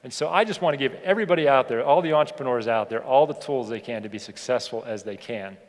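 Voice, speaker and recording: A man giving a motivational keynote speech to an audience. He asks them rhetorical questions and slows down to stress key points. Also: medium pitch. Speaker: keynote speaker. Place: large hall on stage. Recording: long hall reverb.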